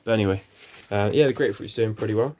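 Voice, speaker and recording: A man's voice: fairly low pitch, fast, darkish tone. A man gives a rambling, casual tour of his small greenhouse, full of ums and self-corrections. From England. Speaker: gardening vlogger. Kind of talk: casual walk-through tour.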